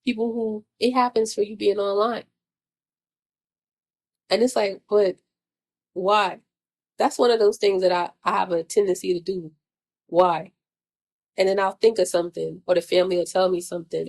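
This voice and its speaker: In this casual spiritual rant, a female vlogger speaks in a mid-range, slightly mellow voice. Her monologue is blunt and full of swearing, packed with repeated rhetorical questions.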